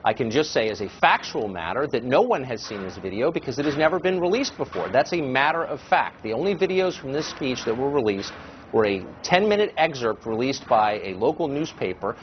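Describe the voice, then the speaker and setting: A man's voice: mid-range voice, expressive, fairly quick. Emphatic man arguing on cable news. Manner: insistent, emphatic, argumentative. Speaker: political commentator guest. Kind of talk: heated cable news debate. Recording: slightly dull broadcast audio with faint noise.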